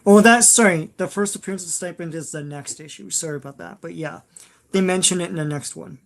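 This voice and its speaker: High-voiced man talking comics trivia. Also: quick pace, vocal fry. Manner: knowledgeable, hesitant fillers, laughs often. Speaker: podcast co-host. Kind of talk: casual comic book discussion.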